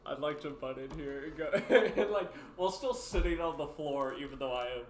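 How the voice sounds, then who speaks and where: A man's voice: on the high side, normal speed, faint music behind. Joking man player, roomy echo. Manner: joking, laughing, playful. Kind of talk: casual tabletop play.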